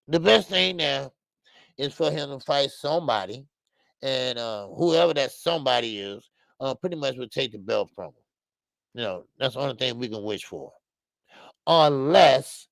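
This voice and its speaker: A man's voice: mid-range voice, gravelly, no room sound. Heated male boxing show host. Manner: heated, animated, repetitive fillers. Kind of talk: casual opinionated commentary.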